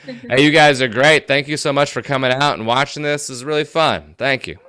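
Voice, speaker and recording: A man performing a stand-up set, telling self-mocking stories with quick asides. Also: mid-range voice, expressive, fairly bright tone, clean tone, no echo, clean studio sound. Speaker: stand-up comedian.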